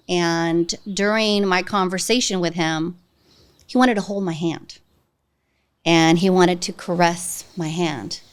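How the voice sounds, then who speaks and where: Earnest, measured woman detective, lowish voice. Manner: earnest, measured, reflective storytelling. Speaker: police detective guest. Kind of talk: interview answers.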